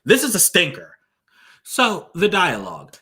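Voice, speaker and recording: A man's voice: high voice, wildly swooping pitch, a little slow, sharp tone. A man giving a casual spoken movie review, blunt and exasperated, full of fillers and restarts.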